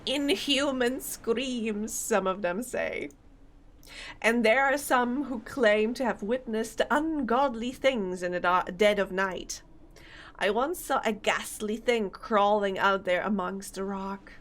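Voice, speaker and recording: A woman reading game dialogue aloud, voicing a gruff, superstitious old fisherman who boasts in a rustic dialect. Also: medium pitch, slow pace, natural voice. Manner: rustic dialect, dropping grammar.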